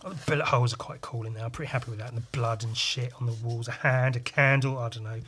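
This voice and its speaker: Man, casual podcast chat, bright tense tone, swears a lot, does sound effects. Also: mid-range voice, fast talker, husky. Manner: profane, excitable, makes sound effects. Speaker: podcast host and comic artist. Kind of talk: casual chat walking through comic pages.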